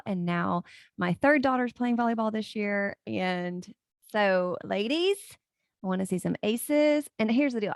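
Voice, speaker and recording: A woman's voice: mid-range voice, creaky, no room sound, studio quality. Chatty woman in her forties. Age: 40s. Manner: chatty and storytelling, laughing often. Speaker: podcast host, life coach. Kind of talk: casual solo podcast chat.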